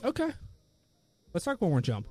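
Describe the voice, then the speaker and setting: A man co-hosting a casual podcast chat, jokey and quick to agree, fond of silly bits. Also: high-pitched, wildly swooping pitch, a little mellow. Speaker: podcast co-host.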